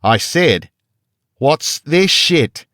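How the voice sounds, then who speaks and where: A man reading an audiobook and voicing a huge, vicious male guard with an Australian accent who shouts and sneers. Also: a little high, animated, slow, dry recording, studio quality, voice pushed up. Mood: bellowing, contemptuous.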